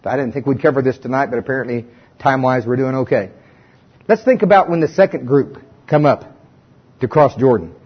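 A male pastor preaching a sermon with animated, folksy storytelling and humor, in a dull lo-fi recording. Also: medium pitch, a little fast, slightly rough.

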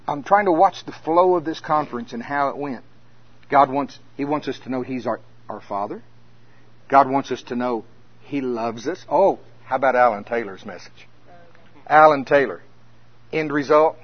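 A man preaching at a conference as a minister, telling stories that swing between hushed and loud. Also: fairly high pitch. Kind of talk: conference sermon. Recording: dull lo-fi sound.

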